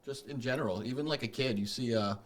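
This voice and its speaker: A man co-hosting a podcast who talks in a relaxed, rambling way. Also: medium pitch, fast. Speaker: podcast co-host. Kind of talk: casual podcast chat.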